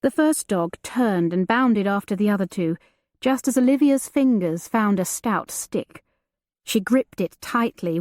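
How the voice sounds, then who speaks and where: A woman narrates a novel in a slow, deliberate storytelling voice. Her pitch sits in a middle range. The sound is dry and close with no room echo. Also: a little mellow. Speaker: audiobook narrator. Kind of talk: scripted narration.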